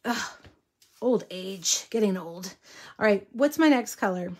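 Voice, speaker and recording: A woman's voice: mid-range voice, expressive, unhurried. A woman giving a casual live card-stamping tutorial from her home craft room. She is chatty and easily distracted, breaking off to talk to her viewers and her dogs. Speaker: stamping and card-making demonstrator.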